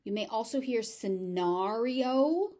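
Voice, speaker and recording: Slow, careful American woman teacher. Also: a little high, expressive, warm tone. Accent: General American. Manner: repeats each word slowly and distinctly, then explains. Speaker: pronunciation teacher. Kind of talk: slow, careful pronunciation lesson.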